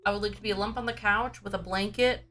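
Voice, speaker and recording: A woman's voice: mid-range voice, steady tone, quick pace, fairly bright tone, soft background music. A woman streaming from home in a casual, rambling chat, full of filler words and restarts. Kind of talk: casual chatty livestream talk.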